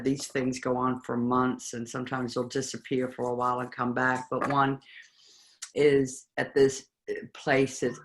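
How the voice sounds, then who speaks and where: A participant in a spiritual study group, sharing personal reflections in a halting, reflective way with pauses between words. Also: mid-range voice.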